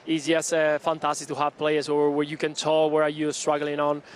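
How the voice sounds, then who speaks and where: A man from the club's coaching staff in a live pitchside interview at an outdoor training ground. He speaks earnestly and haltingly, with many restarts and fillers. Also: monotone, a little hiss or hum.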